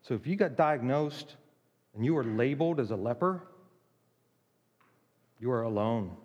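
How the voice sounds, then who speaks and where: A man preaching a sermon, emphatic, with dramatic pauses and acted-out quotes. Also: medium pitch, expressive, a little mellow, in a large hall, lo-fi sound.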